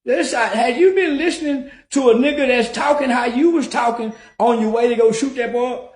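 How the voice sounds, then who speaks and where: A man giving loud, animated, profane commentary, often repeating "yeah, yeah" and laughing. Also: very high voice, moderate pace. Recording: roomy echo.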